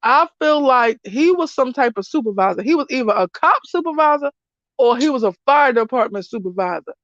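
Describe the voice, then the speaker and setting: A woman's voice: high-pitched, lively intonation, fairly quick, fairly bright tone, no echo. A woman giving casual spoken commentary as a spiritual reader, blunt, emphatic and freely swearing. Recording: dull lo-fi dry recording.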